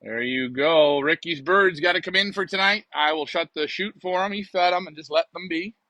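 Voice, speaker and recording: Walking out to his backyard loft at night, a man hosting a pigeon racing live stream chats casually, joking and rambling to his viewers. His voice sits on the high side, bright and forceful, at a moderate pace.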